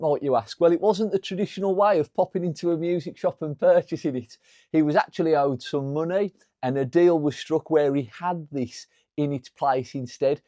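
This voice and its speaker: A man's voice: fairly high pitch, mellow, no echo, studio quality. A man, hosting a jokey music shop vlog from his workbench, enthusiastic and fond of puns. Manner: enthusiastic, punning. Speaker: music shop guitar tech and host.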